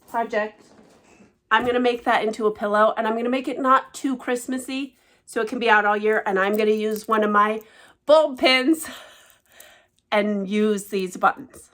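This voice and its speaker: A woman vlogging casually about cross-stitch gifts, gushing and emotional, often dropping to a hushed, delighted voice. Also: a little high, normal speed. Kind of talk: casual show-and-tell vlog.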